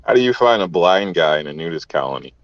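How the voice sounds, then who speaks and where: A man on a podcast throwing out crude riddle jokes in a flat, deadpan way. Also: sits low, fast talker, dry recording, muffled recording. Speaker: podcast co-host. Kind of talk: casual chat, telling crude riddle jokes.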